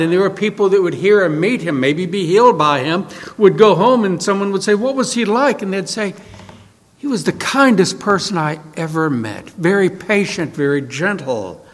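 A man preaching a sermon as pastor, moving from soft, low lines to loud, raised exclamations. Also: in a large hall.

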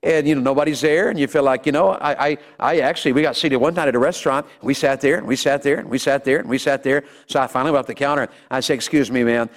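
A man's voice: mid-range voice, racing, few pauses. A middle-aged man preaching a sermon in a church, folksy and humorous, often calling out to his listeners. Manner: folksy, humorous, calls out to the audience. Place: church sanctuary. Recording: long hall reverb.

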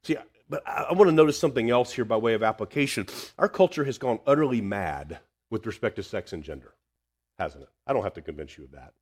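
A man preaching a sermon, swinging between loud emphasis and hushed tenderness. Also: fairly low pitch, lively intonation, fast talker, husky.

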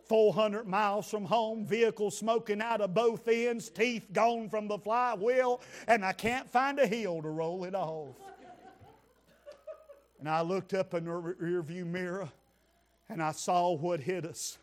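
Preacher man, high voice, slow folksy storytelling that climbs to shouting. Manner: folksy, builds to shouted praise. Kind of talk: humorous storytelling sermon.

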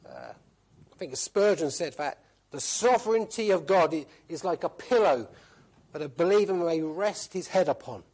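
A man's voice: a little high, a little mellow, breathy edge. A man preaching a sermon, emphatic, repeating key phrases and asking rhetorical questions.

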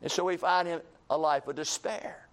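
A man's voice: fairly high pitch, steady tone, moderate pace. A man preaching a sermon in church, acting out the despairing talk of ordinary people.

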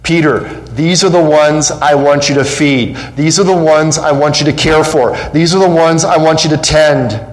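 Heard on a low-quality recording, this pastor's voice is a little high, moving at a moderate pace with hardly any pauses. Preaching a sermon in a church sanctuary, he grows more fervent, lifting his voice on questions and quotes and repeating phrases to drive points home.

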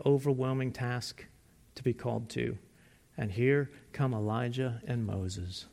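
Gravelly-voiced man preaching in a hall. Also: mid-range voice. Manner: conversational, animated retelling with frequent restarts. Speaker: pastor. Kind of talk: sermon.

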